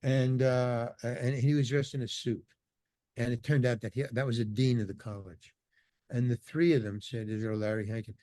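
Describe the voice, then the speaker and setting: Older male guest, animated storyteller, dry studio sound. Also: mid-range voice, moderate pace, dry recording. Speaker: podcast guest. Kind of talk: casual storytelling interview.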